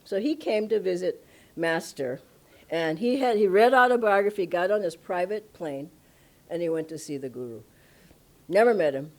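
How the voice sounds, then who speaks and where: A woman spiritual teacher telling stories at a satsang, emphatic and animated, often breaking into laughter. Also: on the low side, normal speed. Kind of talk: storytelling satsang talk. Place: ashram satsang hall.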